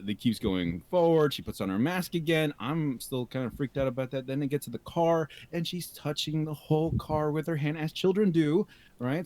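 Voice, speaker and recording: A man co-hosting a casual podcast, telling a story with lively acted-out alarm at his own reactions. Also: medium pitch, no room sound. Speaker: podcast co-host. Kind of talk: casual chat.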